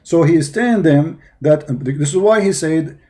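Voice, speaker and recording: A man's voice: fairly high pitch, moderate pace, dark tone. Mocking, interrupting male debater. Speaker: debater, Christian apologist. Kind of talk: heated religious debate.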